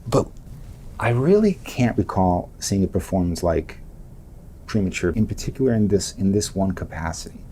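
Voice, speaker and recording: A man with a somewhat low voice hosts a podcast interview. He gushes and rambles, interrupting his own sentences. A faint rumble runs beneath the recording. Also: expressive, normal speed, dark tone. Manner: effusive, rambling, self-interrupting. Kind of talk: enthusiastic interview talk.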